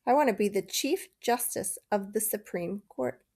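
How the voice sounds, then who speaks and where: A woman's voice: medium pitch, normal speed, a little mellow, natural voice. A woman doing an eager sixth-grade girl.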